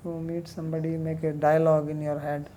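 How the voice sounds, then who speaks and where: Low mellow female voice, scripture lecture, brisk sanskrit reading, chatty explanations, faint background hiss. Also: completely flat delivery. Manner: reads Sanskrit passages rapidly, then explains in plain conversational English. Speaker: teacher of scripture.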